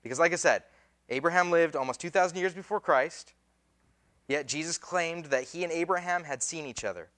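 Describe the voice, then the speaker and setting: A man delivering a sermon as a pastor, his voice sitting high for a man. He talks casually and conversationally, slipping in slang and acting out the people in the story. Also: fairly quick, fairly bright tone. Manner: casual, conversational preaching with slang and acted-out quotes.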